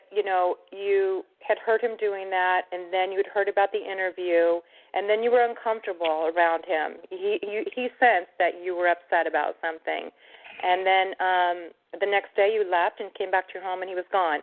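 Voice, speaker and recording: A woman hosting a call-in podcast, retelling events in a halting way with many fillers. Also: lowish voice, steady tone. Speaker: podcast host. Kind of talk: phone-in podcast conversation. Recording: tinny phone line.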